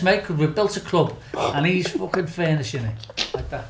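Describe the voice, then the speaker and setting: A man's voice: high voice, expressive, moderate pace, reverberant, background noise. A Scouse man from Liverpool telling a wild story as a podcast guest, laughing often, swearing freely and acting out what people said. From Liverpool, England. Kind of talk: casual anecdote telling.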